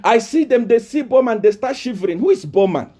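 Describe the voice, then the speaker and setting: A Nigerian man speaks as a prophet in a live video address, confrontational and taunting. He hammers home repeated rhetorical questions. His voice sits high and swings widely in pitch. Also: expressive, fairly quick, warm tone. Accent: Nigerian English.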